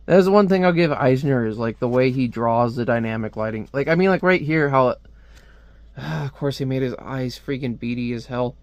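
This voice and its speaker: A man's voice: mid-range voice, normal speed, no echo, lo-fi sound. A man casually reviewing a comic book on video, rambling with lots of filler words and restarts, close to the mic at home.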